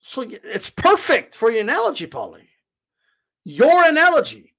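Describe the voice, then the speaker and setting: Man, reaction host, argumentative, high and animated delivery. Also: normal speed, creaky, husky. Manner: argumentative, keeps repeating "right?". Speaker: channel host reacting to a clip. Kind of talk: heated reaction commentary.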